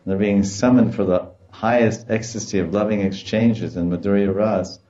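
Man giving an animated devotional talk. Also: lowish voice, moderate pace, echoey room, muffled recording. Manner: animated storytelling, acts out quoted voices with laughter. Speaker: spiritual teacher. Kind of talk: devotional lecture.

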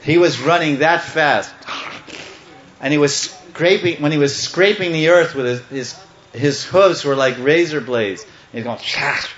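Animated man telling a devotional story. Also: a little high, a little slow. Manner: animated, chanting, playful. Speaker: devotional speaker. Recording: echoey, slightly muffled room.

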